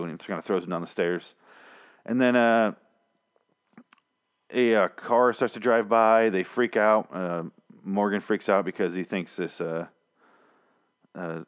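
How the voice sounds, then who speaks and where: Rambling, sarcastic man with a low voice. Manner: rambling, sarcastic, lots of swearing. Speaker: podcast host reviewing a TV episode. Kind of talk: casual spoken recap.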